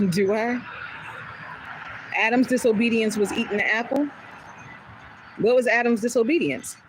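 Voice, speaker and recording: A woman's voice: a little high, unhurried, a little hiss or hum, rough recording. A woman hosting a casual livestream, talking bluntly and candidly, with occasional swearing and laughter. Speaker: livestream host.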